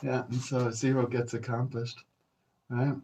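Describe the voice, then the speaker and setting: An unhurried man with a dark, mid-range voice and little pitch movement hosts a podcast over slight background noise. He wanders through anecdotes alone, cursing in a laid-back way and chuckling while calling his listeners folks.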